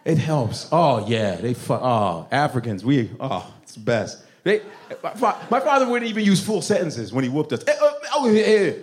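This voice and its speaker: A man's voice: mid-range voice, very animated, moderate pace, few pauses, slight background noise. A male stand-up comedian doing crowd work, brash and profane, laughing and slipping into voices of parents. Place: comedy club stage with audience.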